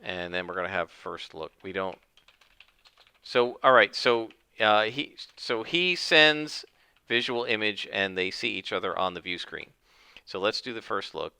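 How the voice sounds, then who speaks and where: A man's voice: on the low side, animated, a little slow, gravelly, sharp tone, smooth, no room sound. A man narrating his solo tabletop game, thinking aloud with many fillers.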